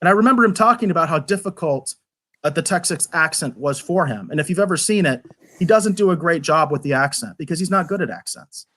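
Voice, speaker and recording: A man talking casually as co-host of a live review show, animated and rambling, often restarting his sentences. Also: fairly high pitch, fast talker. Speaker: podcast co-host.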